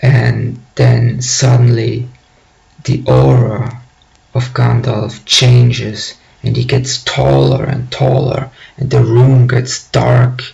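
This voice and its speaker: Slow, gravelly man retelling a story casually, halting delivery, dull lo-fi sound. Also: mid-range voice, flat delivery, darkish tone. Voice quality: clears throat often. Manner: halting, pauses mid-sentence. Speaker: video host. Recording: dull lo-fi recording.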